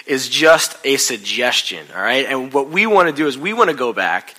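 Animated, bright-voiced male pastor. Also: medium pitch, moderate pace, poor audio. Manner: animated, joking storyteller. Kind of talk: sermon. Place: church stage.

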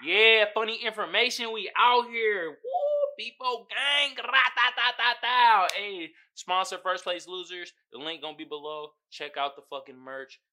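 A man hosting his own podcast, ranting casually and profanely, slipping into high mimicking voices. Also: moderate pace, hardly any pauses, bright, forceful tone, slight background noise. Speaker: podcast host. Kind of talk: casual solo podcast rant.

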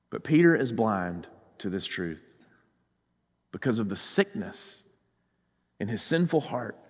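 A pastor with a Southern US accent preaching a sermon, rising to loud urgency and then dropping to a hushed intensity. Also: male voice, high-pitched, big-room sound.

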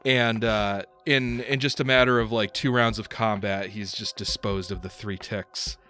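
A man's voice: on the low side, steady tone, a little slow, pushed and bright, faint music behind. A man narrating as game master in a tabletop game, rambling with many fillers. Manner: rambling, full of fillers and laughs.

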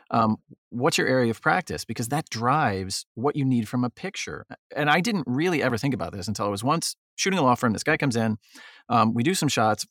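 A man's voice: medium pitch, vocal fry, no echo, clean studio sound. A man being interviewed as a photographer, talking casually and acting out quotes as he tells stories. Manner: animated, acts out quotes. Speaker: guest, photographer. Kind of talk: casual interview talk, storytelling.

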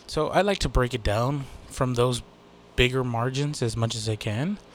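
A man's voice: medium pitch, normal speed, slight background noise. A man hosting his own podcast in a rambling, casual way, swearing freely and joking at his own expense. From United States. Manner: rambling, profane, self-deprecating, many fillers. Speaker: podcast host. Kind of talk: casual solo podcast chat.

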